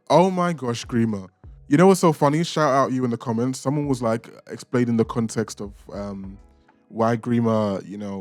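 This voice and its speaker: A man's voice: mid-range voice, darkish tone, dry recording. Young male host, casual, opinionated, teasing delivery over light background music. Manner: chatty, opinionated, playfully insulting. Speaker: reaction channel host. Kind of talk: casual ranking commentary.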